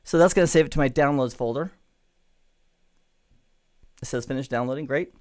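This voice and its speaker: A middle-aged man giving a relaxed, chatty networking lesson over a screen recording, with playful digressions. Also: mid-range voice, normal speed. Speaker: network instructor. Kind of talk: screen-recorded tech tutorial.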